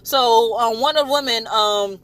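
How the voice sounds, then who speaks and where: Woman reviewer, animated casual recap, slightly high pitch. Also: measured pace. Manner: chatty, animated, swears freely. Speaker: TV show reviewer.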